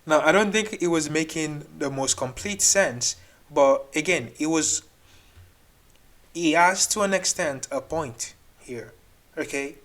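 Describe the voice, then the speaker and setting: A man's voice: a little high, measured pace, fairly bright tone. A man hosting a reaction video, arguing back in an exasperated tone and restarting his sentences as he thinks aloud. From Nigeria. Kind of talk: ranting reaction commentary.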